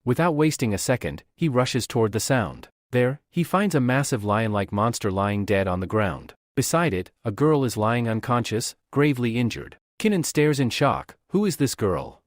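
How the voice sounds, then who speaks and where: A man narrating a comic recap as a scripted story, steady in delivery but lively in pitch. His voice sits in the middle range. The recording is dry and close, with no room sound. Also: normal speed, few pauses, dry recording.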